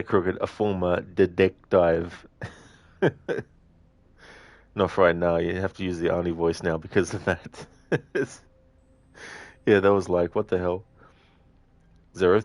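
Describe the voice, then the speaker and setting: A man's voice: low voice, steady tone, unhurried, creaky, pauses often, dry recording. A young man streaming a video game, chatting with viewers and reading chat in a giggly, chatty way. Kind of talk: live gameplay stream chat.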